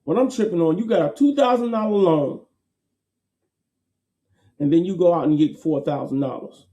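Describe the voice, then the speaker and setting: A man gives a casual motivational talk. His tone is very dark and mellow, sitting a little high. He repeats his points emphatically in a folksy way. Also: moderate pace. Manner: folksy, repetitive, emphatic with laughs.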